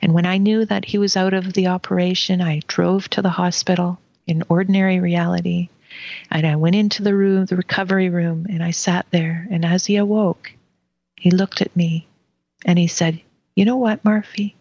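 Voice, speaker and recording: Woman, lower voice, calm reflective storyteller, dry close lo-fi recording. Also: moderate pace, no echo.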